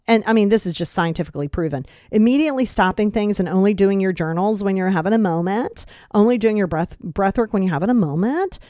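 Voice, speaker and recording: A young adult woman hosting a podcast, giving blunt, animated self-help advice in a casual way with mild swearing. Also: mid-range voice, no echo, studio quality. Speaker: podcast host. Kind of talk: casual motivational talk.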